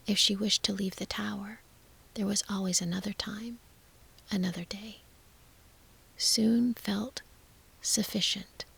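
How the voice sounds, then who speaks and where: Whispering, gravelly sleep-story narrator woman. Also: medium pitch. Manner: slow, hushed, soothing whisper.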